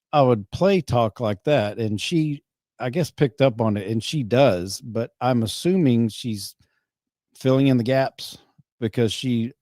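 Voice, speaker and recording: A man's voice: medium pitch, darkish tone, dry recording. Guy hosting a podcast, dry close sound, rambles and restarts a lot. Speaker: podcast host. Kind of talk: casual chat.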